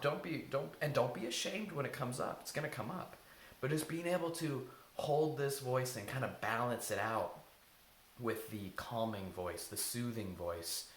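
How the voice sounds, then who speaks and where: A man's voice: medium pitch, a bit bright. A man giving casual, earnest self-help advice, informal and now and then swearing. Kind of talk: casual advice talk to camera. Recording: echoey room, faint hiss.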